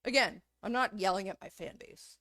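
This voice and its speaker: A woman's voice: mid-range voice, moderate pace, a bit bright, dry recording, clean studio sound. A woman streamer in a heated, profanity-filled rant, angry throughout. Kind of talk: livestream rant.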